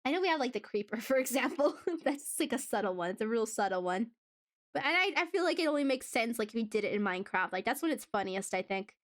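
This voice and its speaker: A woman with a high voice chats casually on her live stream. She rambles from thought to thought, laughs often, and slips into playful voices to act out her viewers. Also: expressive, fast, a bit bright. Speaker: VTuber streamer.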